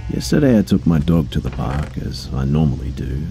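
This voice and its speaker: Man, thirties, very deep voice, mellow tone, casual creepy-story narration, fillers and swearing. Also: very animated, a little fast, gravelly. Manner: low-key, conversational storytelling with fillers and profanity. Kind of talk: scripted narration of creepy true stories.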